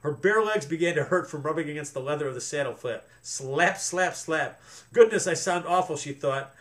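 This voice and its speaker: A man's voice: a little high, normal speed, a bit bright. A man reading a children's book aloud, stopping to explain things to young listeners.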